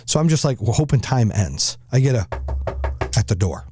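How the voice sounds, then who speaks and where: A man's voice: medium pitch, normal speed, husky, dry recording, soft background music. A middle-aged man hosting a podcast, telling a story in casual chat with lots of swearing and acted-out quotes. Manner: animated, profane storyteller acting out quotes. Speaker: podcast host.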